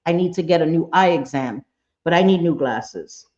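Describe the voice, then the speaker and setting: A woman's voice: sits low, normal speed, a little mellow, highs cut off. A woman hosting a casual livestream chat, blunt and talkative, swearing freely and greeting viewers by name. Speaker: livestream host.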